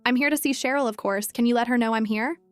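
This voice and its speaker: A woman's voice: a little high, fast, clear, resonant tone, no echo, faint music behind, natural voice. Woman doing a chatty runaway prince. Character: young man, eager runaway prince.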